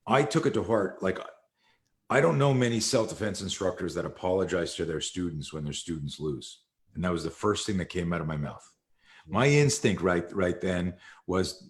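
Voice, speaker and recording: A man's voice: deep voice, moderate pace. A man, a martial arts instructor, telling a long story in an interview and acting out quoted dialogue. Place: live video call.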